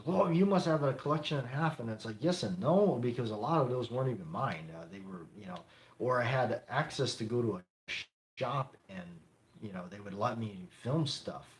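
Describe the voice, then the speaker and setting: A man's voice: lowish voice, animated, normal speed. Chuckling man hosting a casual live stream. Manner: chuckling often, rambling with many fillers. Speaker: live-stream host of a gun channel. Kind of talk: casual live-stream chat reading viewer comments.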